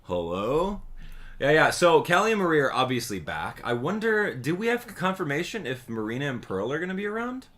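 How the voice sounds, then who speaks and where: A man hosting a live stream, chatting casually and excitably with his viewers and laughing often. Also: fairly high pitch, a little fast. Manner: excitable, animated, laughs often, addresses chat directly. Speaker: livestream host.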